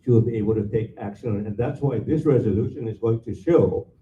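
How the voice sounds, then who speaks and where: A man serving on a school board, giving measured, halting remarks with fillers at a public meeting. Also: on the low side, warm tone, slight background noise. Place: meeting hall. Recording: echoey room, far from mic, tinny.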